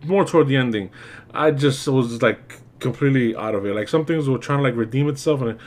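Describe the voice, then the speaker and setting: A man hosting his own movie review, talking casually and off the cuff. He rants with exasperation, stumbling over fillers and swearing freely, at an ordinary, middling pitch. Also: brisk, darkish tone.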